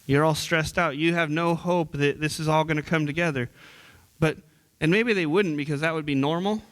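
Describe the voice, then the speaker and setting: Young male youth minister, slightly high-pitched, preaching in church in an earnest, conversational style with frequent restarts. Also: normal speed, a bit bright, clear, resonant tone. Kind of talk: sermon.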